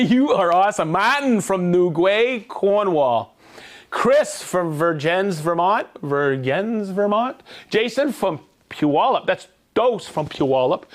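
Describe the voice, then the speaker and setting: A man hosting a livestream, reading out viewer shout-outs in an upbeat, jokey way. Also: sits high. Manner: upbeat, jokey, rattling off names and places. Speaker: livestream host.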